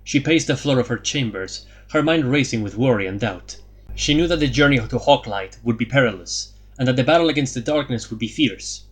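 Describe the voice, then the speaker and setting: A man narrating a fantasy audiobook in a steady, even reading. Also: mid-range voice, brisk, breathy edge.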